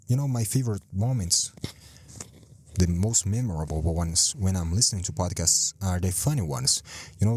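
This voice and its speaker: A man hosting a rambling solo podcast from a parked car, speaking English as a second language, self-deprecating and swearing a lot with halting restarts. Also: low-pitched, slight background noise. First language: not English. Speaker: podcast host.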